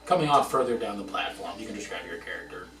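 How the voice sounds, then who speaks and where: A man's voice: on the low side, lively intonation, fast. A man narrating a tabletop game as game master in a casual, descriptive way. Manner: casual, descriptive, laughs easily. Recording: roomy, far-off mic with music behind.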